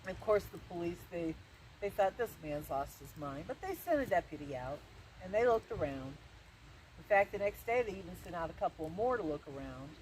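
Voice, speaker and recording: A woman telling a spooky story in a folksy, halting way, with many restarts. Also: on the low side, animated, darkish tone, a little hiss or hum, rough recording. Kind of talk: spoken ghost-story telling. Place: outdoor event.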